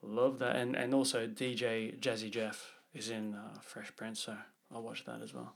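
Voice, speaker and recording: A man's voice: lowish voice, monotone, normal speed, vocal fry. A man bantering playfully as a podcast co-host, teasing his partner and stumbling over his words now and then. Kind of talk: casual banter.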